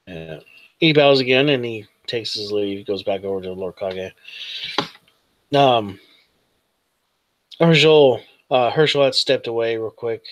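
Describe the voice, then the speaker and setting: A man narrating as game master of a tabletop role-playing game, hesitant with many pauses and fillers. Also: mid-range voice, crowd noise.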